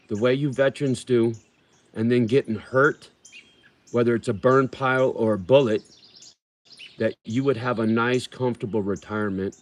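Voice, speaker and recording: A man hosting a livestream, chatting casually with viewers in a profane, rambling and heartfelt way. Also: medium pitch. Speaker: livestream host.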